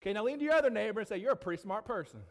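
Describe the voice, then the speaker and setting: A man preaching a sermon to his congregation, animated, with frequent asides to the room. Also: high voice, racing, long reverb tail. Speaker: pastor. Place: church sanctuary.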